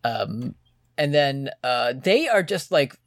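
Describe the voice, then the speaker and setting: A man's voice: mid-range voice, very animated, slow pace, dry recording, clean studio sound. A man co-hosting a casual podcast, animatedly retelling scenes and acting out characters' lines. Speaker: podcast co-host. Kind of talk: casual recap chat.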